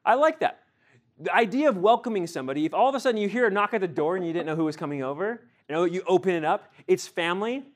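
A young man teaching a sermon to a group, animated, acting out everyday scenes and quizzing his listeners. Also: sits high, quick pace. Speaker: youth teacher.

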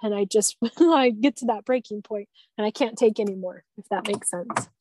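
A woman's voice: mid-range voice, normal speed, dark tone, slight background noise. A woman sharing personal experiences in a conversation, talking in an earnest, tender way with frequent restarts. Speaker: guest.

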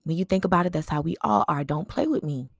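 With a lowish, lively voice, quick pace, and vocal fry, a female podcast host recounts a personal memorial story. Her manner is reflective and conversational, laced with fillers and frequent "right?" check-ins, all captured in clean, dry studio sound.

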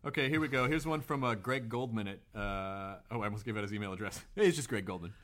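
A man's voice: fairly low pitch, a bit bright. A man hosting a podcast, reading listener emails aloud and adding sarcastic jokes. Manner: quick, joking, reads letters aloud with sarcastic asides. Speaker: podcast host.

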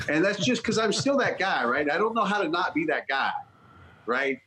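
A man's voice: fairly high pitch, expressive, brisk, bright, forceful tone, slight background noise, poor audio. A man, a strength coach guest, talking bluntly and profanely in casual podcast chat.

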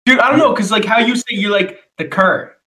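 A man's voice: high-pitched, a little fast, pushed and bright. A man chatting casually as a podcast co-host, laid-back and teasing his friend, laughing often. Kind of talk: casual chat.

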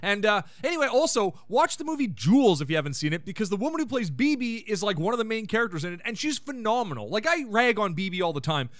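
A man's voice: high-pitched, fairly bright tone, no room sound. A man hosting a podcast, giving a casual, irreverent recap of a sitcom episode with sarcastic asides and rants. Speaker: podcast host.

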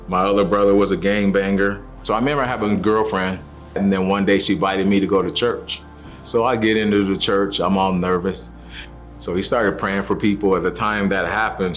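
A man giving a personal faith testimony, telling his story earnestly and acting out the voices of the people in it. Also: low-pitched. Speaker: testimony speaker. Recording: soft music underneath.

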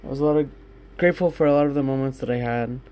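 A man's voice: medium pitch, very fast, mellow. A young man in his own room, rambling candidly and swearing often in a casual solo talk to his listeners. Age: young adult. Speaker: podcast host.

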